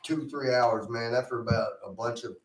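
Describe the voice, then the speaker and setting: A man hosting a radio talk show, trading crude jokes and stories in loud, profane banter. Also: mid-range voice, moderate pace, echoey room. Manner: profane, loud, swings from shouting to muttering.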